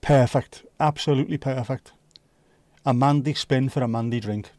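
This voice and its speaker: A man hosts a casual livestream, answering viewers with sweary jokes and quick asides. His voice sits at an ordinary middle pitch. The sound is close and dry, with no room echo. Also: darkish tone. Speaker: livestream host. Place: home livestream setup.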